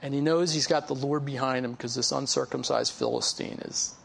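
A man with a mid-range, steady, somewhat bright and creaky voice speaks briskly, over a recording with a slight hiss or hum. He's a pastor preaching a casual sermon on a Bible passage, peppered with personal stories and folksy asides, and he laughs at his own tales.

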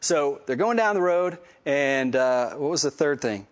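A man with a fairly high voice leads a relaxed Bible lesson, chatting his way through the story with plenty of ums and uhs. He tells it with easygoing energy and keeps it informal. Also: a little slow. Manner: conversational, lots of fillers, animated storytelling. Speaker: Bible study teacher.

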